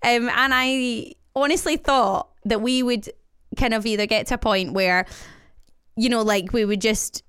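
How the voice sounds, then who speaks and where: A woman's voice: on the high side, steady tone, measured pace, a bit bright, smooth, no room sound, clean studio sound. A young woman co-hosting a podcast, telling a story in a casual, chatty way with lots of fillers and laughter. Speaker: podcast co-host. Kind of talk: casual chat.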